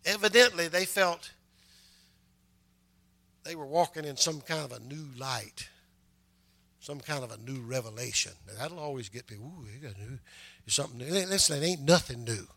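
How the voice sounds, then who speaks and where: An older man preaching a sermon, conversational and punctuated with amens, building to loud, emphatic passages. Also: fairly high pitch, expressive, normal speed, vocal fry, long pauses. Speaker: pastor.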